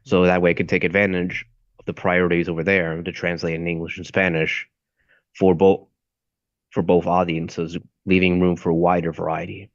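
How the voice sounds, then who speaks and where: A man's voice: sits low, flat delivery, moderate pace, no echo. A young man and voice acting student chatting casually, rambling and searching for words. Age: young adult. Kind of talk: casual chat. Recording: dull lo-fi audio.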